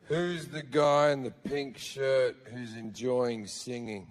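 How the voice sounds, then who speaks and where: A man's voice: mid-range voice, fairly even intonation, slow, in a large hall. A man performing a stand-up comedy set on stage, telling stories in a profane, sardonic way into a handheld mic. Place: live theater stage. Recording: live show with faint crowd noise.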